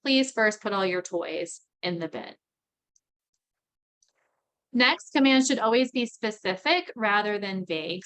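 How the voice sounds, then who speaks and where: A woman's voice: mid-range voice, a bit bright. A woman in her thirties presenting a parenting skills lesson in a conversational tone, often adding tag questions. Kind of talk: recorded training lecture.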